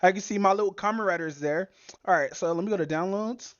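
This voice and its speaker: A woman's voice: mid-range voice, fast, no echo, muffled recording. A woman hosting a podcast, recapping a story in rambling, profane casual chat. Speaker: podcast host.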